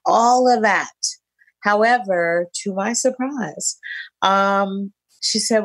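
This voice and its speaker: A woman's voice: mid-range voice, unhurried, creaky. A middle-aged woman hosting a podcast, talking in an effusive, reflective way. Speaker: podcast host. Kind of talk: casual podcast chat.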